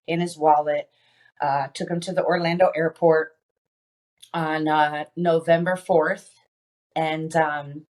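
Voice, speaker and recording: A woman with a fairly low voice speaks as a podcast guest, telling a personal story. She talks haltingly, with frequent "um"s and restarts, as she recounts what happened. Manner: halting, many fillers and restarts.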